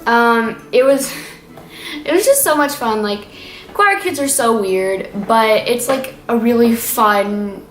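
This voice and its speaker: A woman's voice: on the high side, slow pace, soft background music. Chatty teen girl vlogger, rambling. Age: teens. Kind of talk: casual weekly vlog update. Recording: echoey room with faint noise.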